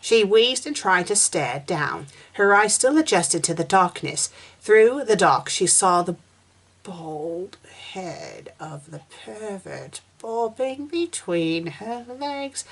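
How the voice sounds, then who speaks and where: Woman, fan fiction reviewer, reading aloud, sarcastic, animated pitch. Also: takes it slowly, vocal fry. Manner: sarcastic, exasperated interjections.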